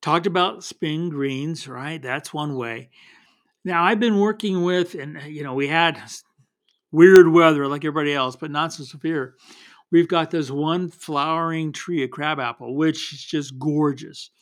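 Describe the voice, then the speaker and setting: A man's voice: on the high side, a little slow. A man casually teaching wildlife photography in a folksy, meandering way, often restarting his sentences. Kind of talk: casual spoken photography tips.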